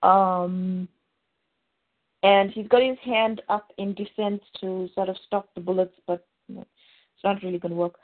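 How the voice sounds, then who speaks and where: A woman's voice: medium pitch, fairly even intonation, measured pace. Woman recapping a show over a tinny line. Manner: rambling, full of fillers and restarts. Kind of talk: casual recap of a TV episode. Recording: tinny phone-like sound.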